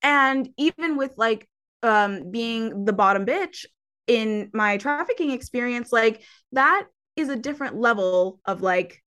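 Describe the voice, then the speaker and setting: A woman coach talking casually in an interview, animated and laughing often. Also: a little high, a little slow. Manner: animated, laughs often, acts out her own past voice.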